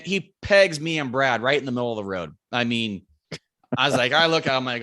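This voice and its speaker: A man, a podcast guest, telling a lively hunting story and acting out what everyone said, swearing freely. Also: mid-range voice, a little fast.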